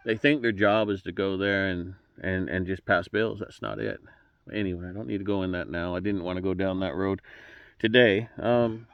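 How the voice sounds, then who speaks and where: Folksy guy, kinda emotional, lowish voice, fired-up candidate pitch, bit muffled recording. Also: no echo. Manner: folksy, fervent, repeats words as he restarts. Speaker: political candidate. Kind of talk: direct-to-camera campaign address.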